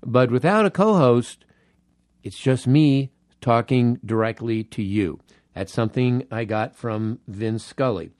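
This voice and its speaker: A man hosts his own podcast alone, telling personal stories at an unhurried pace. His voice sits at an ordinary middle pitch and livens up when he acts out his reactions. The recording is dry and close, with no room sound. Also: darkish tone, no echo. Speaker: podcast host. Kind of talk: solo podcast storytelling.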